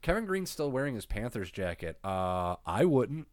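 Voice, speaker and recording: A man's voice: medium pitch, sing-song, moderate pace, a little mellow, no room sound, clean studio sound. A man co-hosting a casual recap chat, laid-back and swearing freely, getting over a cold. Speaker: podcast co-host recapping wrestling.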